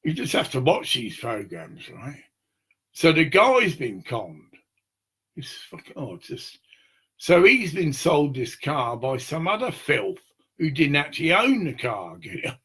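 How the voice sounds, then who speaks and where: A man's voice: a little high, very animated, a little slow, fairly bright tone, slightly rough. A man, talking in a rambling, profane monologue to the camera. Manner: rambling, profane, acts out little scenes.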